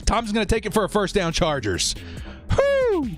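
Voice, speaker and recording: A young man hosting a live watch-party stream, chatting with viewers and getting excited over each play. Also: high-pitched, a little fast, faint music behind.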